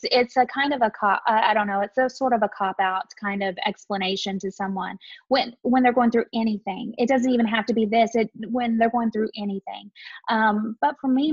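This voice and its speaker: A young adult woman, a married podcast guest, speaking thoughtfully and pausing often with "um". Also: on the high side, dry recording, dull audio. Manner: thoughtful, with many "um"s. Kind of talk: casual conversation.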